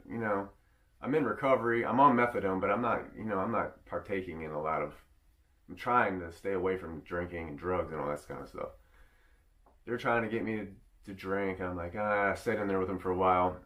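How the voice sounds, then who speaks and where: A man's voice: sits low, fairly bright tone. A man telling a long personal story in a casual, rambling way, with many restarts. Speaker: vlogger.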